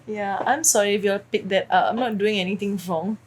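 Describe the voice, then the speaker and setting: A woman's voice: mid-range voice, fairly even intonation, a little fast, husky. Playful young woman co-host. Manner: playful, teasing, giggly. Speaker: podcast co-host. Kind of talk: casual chat.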